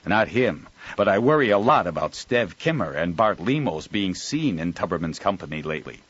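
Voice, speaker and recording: A man voicing a calm male admiral in command who speaks in a measured, quiet way. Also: low voice, slightly rough, no echo, muffled recording, exaggerated voice.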